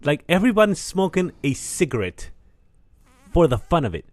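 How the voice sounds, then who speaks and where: A man's voice: fairly high pitch, very animated, normal speed, no room sound. A man co-hosting a podcast in casual chat, laid-back, laughing often and swearing casually. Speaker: podcast co-host.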